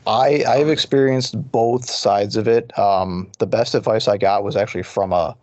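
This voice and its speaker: A low-voiced man co-hosting a podcast in an earnest, conversational way. He restarts his sentences often. The sound is dry and close. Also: steady tone, moderate pace, a little mellow, no echo, highs cut off. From Detroit area. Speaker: podcast co-host. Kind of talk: casual chat.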